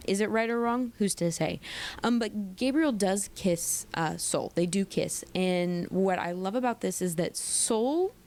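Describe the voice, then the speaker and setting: A young woman hosting a casual reality TV recap, sassy and opinionated, with animated asides. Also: mid-range voice, a little slow. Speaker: recap host.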